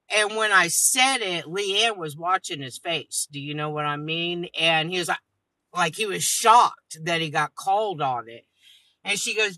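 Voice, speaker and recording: A woman with a bright, forceful voice tells a story in a blunt, profane, animated way, quoting everyone she talks about. The sound is close and dry, with no room around it. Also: fairly low pitch, measured pace, no echo. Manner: blunt, heavily profane, animated retelling with quoted dialogue. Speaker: podcast host. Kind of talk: casual storytelling.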